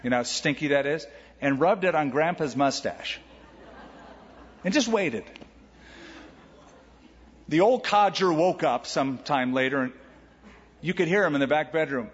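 A male pastor preaching with a husky, slightly raised voice, telling stories and driving home his points emphatically. His voice rings with the long reverb of a large church. The sound is a little dull and muffled. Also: on the high side, lively intonation, a little slow, long pauses. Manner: storytelling, emphatic, conversational. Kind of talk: sermon. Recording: echoey hall, dull sound.

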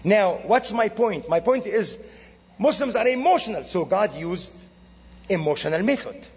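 Guest preacher from the Middle East, man, high pitch, lively storyteller, lo-fi church hall recording. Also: moderate pace, husky. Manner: animated storytelling with quoted dialogue. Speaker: guest speaker. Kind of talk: sermon. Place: church sanctuary. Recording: dull lo-fi recording in a reverberant hall.

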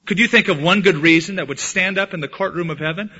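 A man preaching a sermon as pastor, swinging from loud emphatic lines to hushed ones. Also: high-pitched, quick pace, few pauses, slightly rough. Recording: dull lo-fi sound.

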